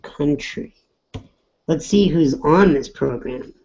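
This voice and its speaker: Male webinar host, middle-aged, easygoing and upbeat; slow, mellow delivery on dull lo-fi web audio. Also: fairly high pitch. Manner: upbeat, chatty, reads out names. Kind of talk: casual webinar welcome.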